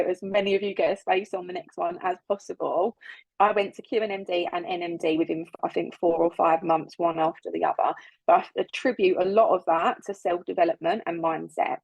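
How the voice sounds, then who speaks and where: A business team leader runs a casual, motivational training on a video call, chatty and upbeat, often laughing and repeating words for emphasis. Her voice is medium-pitched, and the recording is rough with no room sound.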